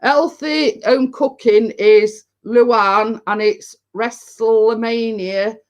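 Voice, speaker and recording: A woman's voice: fairly high pitch, steady tone, very slow, dull audio. A woman hosting a casual chat stream from home, telling rambling anecdotes and laughing often. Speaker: host of a live chat stream. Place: at home indoors.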